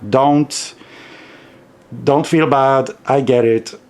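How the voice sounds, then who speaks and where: A man's voice: medium pitch, fairly even intonation, very slow, a little mellow. A man with a French accent, a native French speaker, chatting casually and hesitantly in a monthly wrap-up video, with frequent restarts and fillers. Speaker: tarot vlogger.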